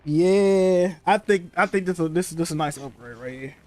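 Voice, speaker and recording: A young man streaming from his room, telling stories in casual, profane, animated chat. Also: a little high, normal speed. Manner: animated, profane storytelling with frequent laughs. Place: home room.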